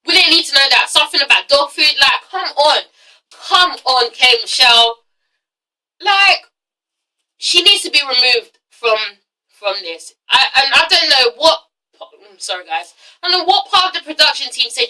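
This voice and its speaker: A YouTube reality-TV reviewer, a young woman with a high, very bright voice, rants through a casual review vlog with lively intonation at normal speed. She's blunt, exasperated and swears freely, and her voice sounds a little far from the mic.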